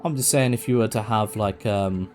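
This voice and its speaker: Playing through a game, a male streamer rambles, jokes, and swears casually in a relaxed let's-play commentary. His voice is lowish and a little mellow at a normal speed, with soft music in the background.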